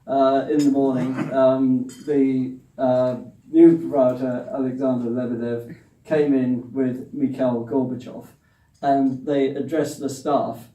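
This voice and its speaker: A man's voice: medium pitch, flat delivery, takes it slowly, warm tone, slight background noise. A man, recounting his newspaper career to an audience in a wry, understated way. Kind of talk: anecdotal storytelling to an audience. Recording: roomy hall, distant mic.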